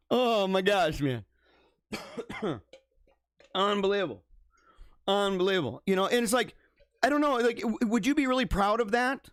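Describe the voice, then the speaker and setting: Speaking a little slowly with long pauses, a high-voiced man hosts a live show, joking around loosely in live-stream commentary. He's animated and incredulous, laughs often, and stammers through restarts. The sound is clean studio audio with no room sound.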